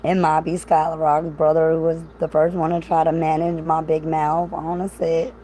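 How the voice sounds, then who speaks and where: A woman's voice: deep voice, completely flat delivery, normal speed, dark tone, a little hiss or hum, poor audio. A woman chatting casually on a livestream, rambling and profane, with frequent laughs.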